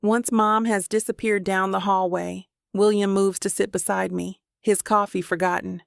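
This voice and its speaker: Gravelly-voiced woman narrating a romance audiobook. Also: medium pitch, little pitch movement, moderate pace, dry recording, clean studio sound.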